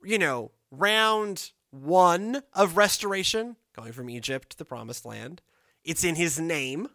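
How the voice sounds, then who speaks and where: A man's voice: on the high side, measured pace, dry recording. A man, a pastor, talking casually about scripture in a podcast, rambling and checking in with "right?". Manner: rambling, animated, lots of "right?".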